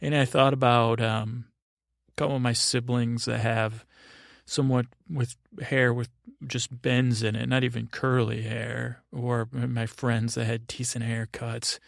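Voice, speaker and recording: A man's voice: mid-range voice, little pitch movement, a little slow, creaky, dry recording, studio quality. A middle-aged man hosting a podcast, telling a meandering bedtime story full of fillers and restarts. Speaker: podcast host.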